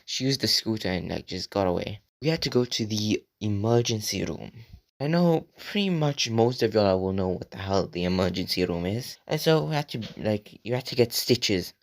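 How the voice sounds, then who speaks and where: Rambling, profane young man, lowish voice. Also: lively intonation, normal speed. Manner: rambling and profane, heavy filler words; talks straight to viewers. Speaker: vlogger. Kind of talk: casual storytime monologue.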